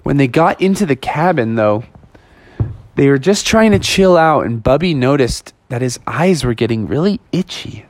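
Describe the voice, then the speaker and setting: A man telling a playful children's story with animated, lively narration. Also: mid-range voice, moderate pace.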